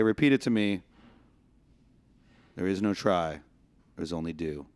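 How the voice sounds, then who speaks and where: A man's voice: low-pitched, measured pace, a little mellow. Laughing, swearing male podcast host. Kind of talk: casual podcast chat.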